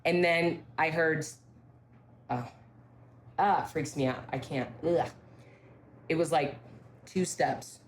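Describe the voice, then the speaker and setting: A woman from a ranch telling ghost stories in casual talk, emphatic, with halting restarts and key phrases repeated. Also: deep voice, slight background noise. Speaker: ranch staff member interviewed about ghost stories. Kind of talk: casual spoken storytelling.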